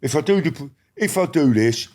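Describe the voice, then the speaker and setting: A man's voice: fairly high pitch, lively intonation, moderate pace, a little mellow. An older man, a guest on a podcast, talking bluntly with constant swearing and rambling restarts. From England. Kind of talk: casual interview talk.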